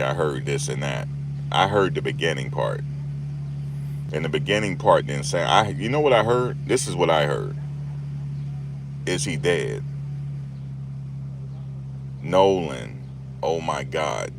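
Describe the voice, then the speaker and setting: A man's voice: rumbling low, lively intonation, normal speed, background noise. A man hosting a casual commentary monologue, chatty and repetitive, laughing at the story he tells. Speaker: YouTube commentary host.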